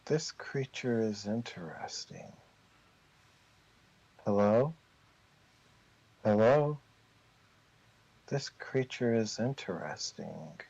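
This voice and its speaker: A man voicing an eerie male creature that parrots the hero's voice in halting, broken phrases. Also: on the low side, animated, gravelly, darkish tone, slightly rough, exaggerated voice. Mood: eerie mimicking. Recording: dull lo-fi recording.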